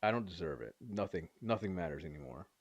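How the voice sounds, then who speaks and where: A man's voice: low voice, fast talker, breathy edge, no echo, lo-fi sound. A man voicing a bullied, despairing young girl in a storybook reading. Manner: hopeless, pleading.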